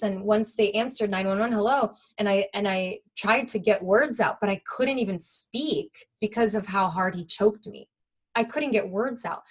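A woman's voice: mid-range voice, husky. Earnest woman telling a personal story. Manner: halting and earnest, with many fillers and restarts.

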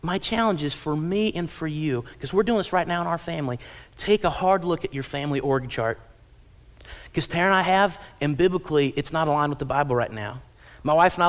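A man in his thirties preaching a sermon in a church, telling family stories and acting out parents and kids in lively little voices. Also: on the high side, fairly quick. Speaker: pastor. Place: church auditorium.

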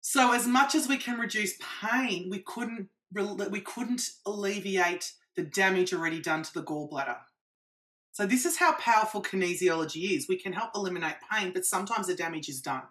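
The speaker is a female practitioner appearing as a guest in an interview. She describes her methods in an animated way, offering examples, with a mid-range voice and moderate pace.

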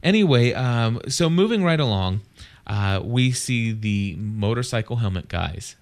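A man hosting a casual podcast, rambling and excitable. He restarts his sentences often and piles in fillers, at an ordinary middle pitch for a man. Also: a little slow. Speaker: podcast host. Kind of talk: casual chat.

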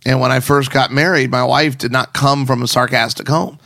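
A man co-hosting a casual talk show, telling stories and giving advice to husbands in a sarcastic, animated way. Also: mid-range voice, brisk, creaky, no echo, studio quality. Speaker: podcast co-host.

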